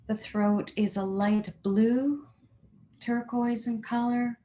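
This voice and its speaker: Slow, soothing woman guiding meditation. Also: mid-range voice, mellow. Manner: slow, soothing, affirming, leads repeat-after-me statements. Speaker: healing meditation guide. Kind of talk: guided chakra meditation.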